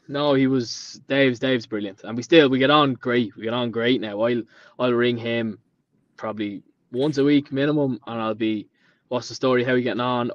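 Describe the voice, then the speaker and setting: Here a painter and decorator from Ireland, a man in his late twenties with a Dublin accent, chats casually as a podcast guest in a mid-range voice. He rambles through stories, performing the quoted dialogue himself. There's no room sound, though the audio is dull and lo-fi.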